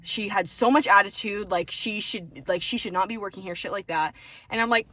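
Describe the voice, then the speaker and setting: A young woman co-hosting a casual podcast, telling her stories with lots of swearing and animated, acted-out quotes. Her pitch sits in the middle of the range. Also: brisk. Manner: profane, animated storytelling. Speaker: podcast co-host. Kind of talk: casual chat.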